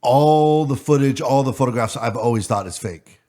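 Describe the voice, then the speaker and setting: A man's voice: mid-range voice, normal speed, dark tone. A man co-hosting a podcast in casual chat, rambling and restarting his sentences. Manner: rambling, restarts mid-thought.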